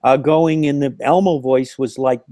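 An older man, a guest puppeteer, recounts stories with animation and laughter in a casual interview conducted over a remote call line. His medium-pitched voice moves at normal speed in a dry recording.

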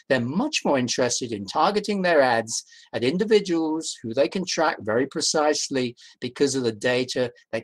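A man giving an online academic talk as a guest professor, measured and emphatic, posing rhetorical questions to his audience over a video call. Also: mid-range voice. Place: indoors at home during rain.

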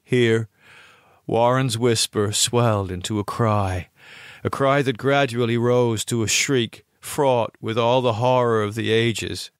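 A man reading a horror story aloud in a grave, deliberate voice with dramatic pauses. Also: medium pitch, steady tone, no room sound, studio quality. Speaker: audiobook reader. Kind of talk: scripted horror narration.

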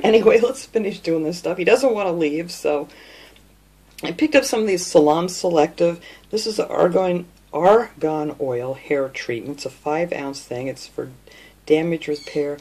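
A woman's voice: lowish voice, normal speed, dark tone, slightly rough. A woman hosting a casual shopping haul vlog from her home craft room, chatty and rambling with fillers. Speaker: craft channel host.

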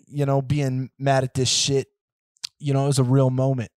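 On a dry mic, a podcast host delivers a casual solo rant, rambling and profane, restless, full of fillers and tangents. His mid-range voice moves at a moderate pace with a clean, echo-free tone, and he swings lively between loud outbursts and muttered asides.

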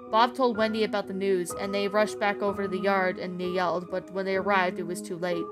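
A woman's voice: mid-range voice, flat delivery, a little fast, hardly any pauses. Woman reading a creepypasta over music. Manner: earnest reading with frequent stumbles. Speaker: creepypasta narrator. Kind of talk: reading a horror story aloud. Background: background music.

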